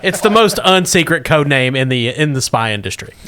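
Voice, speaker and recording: A man's voice: on the high side, expressive, brisk, pushed and bright, smooth. A man playing a tabletop game, joking in casual banter. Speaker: player.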